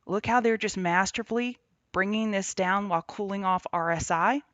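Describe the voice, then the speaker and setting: A woman's voice: mid-range voice, moderate pace, a bit bright, dry recording. A woman hosting a live trading show, chatting and greeting viewers by name between chart talk, on the road. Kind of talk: casual livestream market commentary. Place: on the road, remote setup. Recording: dull lo-fi, dry sound.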